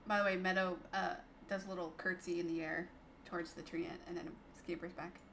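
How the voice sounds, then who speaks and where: A woman's voice: lowish voice, level tone, a little fast, a bit bright, a little hiss or hum. A woman playing in an online tabletop game, chatty and teasing, laughing often. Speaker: player. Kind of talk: casual chat at a game table.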